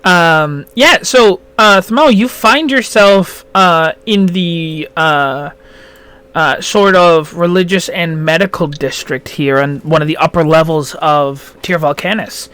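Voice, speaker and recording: A man narrating as game master, halting and full of fillers. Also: a little high, bright, forceful tone, smooth.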